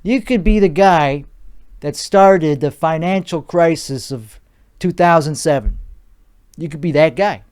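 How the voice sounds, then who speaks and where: A man's voice: on the high side, unhurried, darkish tone, clear, resonant tone. A young man with a put-on Chicago accent hosting a solo comedy podcast, ranting in a rambling, profane, mock-bravado way. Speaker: podcast host.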